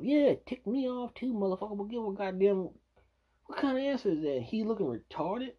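A man's voice: high voice, animated, fairly quick, slightly rough. A man angrily reacting to news clips, swearing and ranting in a dull lo-fi recording. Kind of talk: profane reaction commentary.

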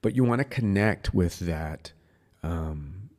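A man hosting a spiritual podcast, teaching in a casual, earnest way and dropping to a soft, slow voice to demonstrate. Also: low voice, gravelly.

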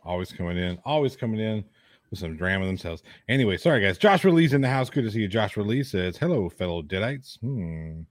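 A man's voice: fairly low pitch, very animated, brisk, dry recording, studio quality. A man co-hosting a horror podcast live stream, joking casually and reading viewers' chat names aloud. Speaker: podcast co-host.

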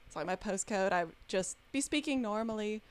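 Female host with a North American accent, chatty and animated, medium pitch. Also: fairly quick. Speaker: podcast host. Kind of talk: casual chat.

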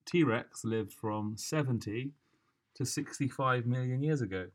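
A man co-hosting a podcast, animated and questioning, often laughing. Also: mid-range voice, takes it slowly, background noise. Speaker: podcast co-host. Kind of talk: casual podcast chat.

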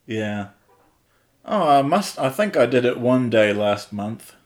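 A young man co-hosts a casual podcast and delivers his jokes dry and deadpan. He also reads listener questions aloud. His voice sits at an ordinary middle pitch. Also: takes it slowly. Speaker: podcast co-host.

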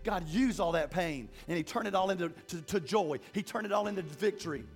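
A man's voice: sits high, brisk, faint music behind. A man preaching a sermon as pastor, impassioned, repeating himself and restarting phrases.

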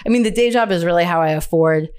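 A woman's voice: on the low side, quick pace, a little mellow, clean tone. A young adult woman chatting casually as an interview guest, talking with lots of fillers, restarts and laughs. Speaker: interview guest, writer and creator. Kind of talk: casual chat.

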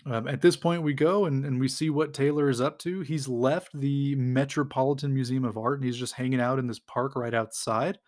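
An American man hosting a podcast, casually recapping a comic storyline with lots of fillers and quick little acted-out quotes. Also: medium pitch, fairly even intonation, a little mellow. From United States. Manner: rambling, lots of fillers, acts out quotes lightly. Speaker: podcast host.

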